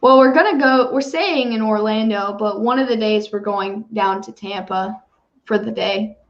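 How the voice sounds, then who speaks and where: A woman's voice: medium pitch, normal speed. Woman cohost chatting sports, laughs a lot, cusses, kinda dull lo-fi audio. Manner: animated, laughs often, swears freely. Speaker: podcast co-host. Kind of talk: casual chat. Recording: dull lo-fi sound.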